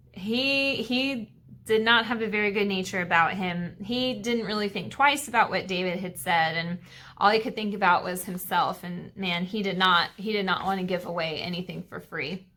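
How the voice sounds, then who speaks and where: A woman's voice: mid-range voice, pushed and bright. A woman teaching a Sabbath school lesson to kids, retelling a Bible story in a chatty way with fillers and asides.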